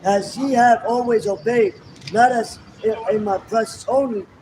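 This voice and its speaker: A man's voice: extremely high pitch, fairly even intonation, normal speed, darkish tone. A man reading Bible verses aloud in a raised, formal cadence on a street. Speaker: scripture reader. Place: outdoors on a city street. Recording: noisy street, voice off-mic. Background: traffic noise.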